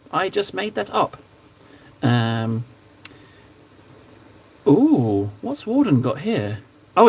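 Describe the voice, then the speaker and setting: A man hosting a casual livestream, reading chat aloud with playful, self-mocking banter. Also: high voice. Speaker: livestream host painting miniatures.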